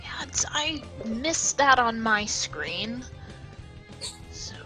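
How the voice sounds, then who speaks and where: A woman from the northwestern United States commentating a game race, giving steady, informative play-by-play. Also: a little high, very slow, faint music behind, low-quality recording. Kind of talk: casual speedrun commentary.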